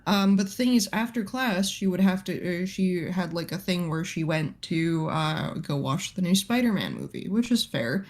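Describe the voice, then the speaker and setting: A woman's voice: on the low side, lively intonation, moderate pace, hardly any pauses, a little mellow. A woman, an art teacher, casually telling a story to friends, chatty and swearing freely with lots of fillers.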